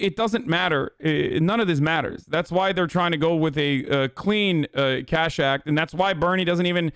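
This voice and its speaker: High, crisp-voiced male streamer. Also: no room sound, clean studio sound. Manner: profane, animated, rambling riffs. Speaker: streamer, political commentator. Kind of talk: casual livestream reaction commentary.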